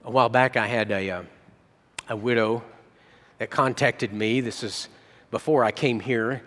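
A man's voice: mid-range voice, fairly even intonation, measured pace, a bit bright. A man preaching a sermon as pastor, telling stories earnestly with frequent restarts. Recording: long hall reverb.

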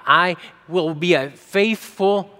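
Male pastor giving a sermon, earnest, restarts a lot, voice slightly high, long hall reverb. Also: slow, sharp tone. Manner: earnest storytelling with frequent restarts.

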